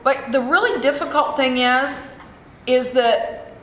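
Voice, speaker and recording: A middle-aged American woman speaks slowly in a high-pitched, slightly bright voice, giving a frank, profane recovery share at a meeting. She talks into a podium mic in a large hall, and the recording is echoey with faint room noise.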